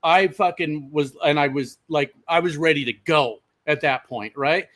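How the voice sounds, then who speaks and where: Profane, fairly high-voiced man telling a story. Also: moderate pace. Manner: profane, animated, addresses viewers as "my friends". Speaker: truck driver and channel host. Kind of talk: casual storytelling vlog.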